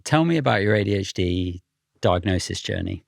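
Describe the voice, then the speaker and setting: Deep gravelly male podcast host. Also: expressive, normal speed, dry recording, studio quality. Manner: brief encouraging responses and questions. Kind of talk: interviewer.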